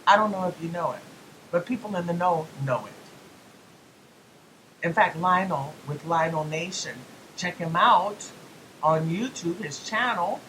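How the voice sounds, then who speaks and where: A woman's voice: on the low side, measured pace, long pauses, a bit bright, slight background noise, rough recording. A woman hosting a political talk radio show, speaking emphatically with rhetorical questions and folksy asides.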